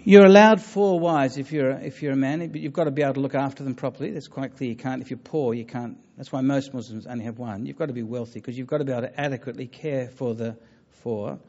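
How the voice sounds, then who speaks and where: A man giving a public talk on religion and taking audience questions, earnest and halting, with many fillers and restarts. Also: medium pitch, a little mellow, lo-fi sound. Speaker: lecturer on religion.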